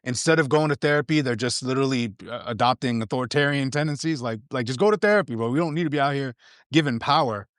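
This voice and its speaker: A man's voice: medium pitch, fast, a bit bright, no room sound, studio quality. A man talking as a guest commentator in a casual, heated political chat, slangy and emphatic, stumbling over restarts.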